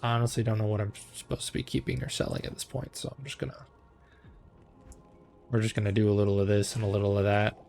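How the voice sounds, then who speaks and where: A man's voice: on the low side, flat delivery, quick pace, gravelly, a little mellow, soft background music. A man streaming a game, chatting with viewers in a laid-back, casual way while he plays. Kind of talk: casual gameplay commentary.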